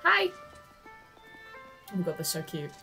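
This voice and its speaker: A woman streaming a video game live, reacting in an excitable, giggly way and cheering the character on. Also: sits low, measured pace, music in the background. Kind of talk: live gameplay commentary.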